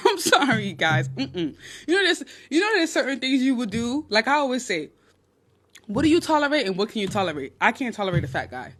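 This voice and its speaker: A young woman in her twenties with a New York accent, hosting a blunt, animated dating-advice livestream on her phone. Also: on the high side, brisk. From Nigerian, raised in New York. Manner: blunt, animated, crude humor. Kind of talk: casual livestream chat.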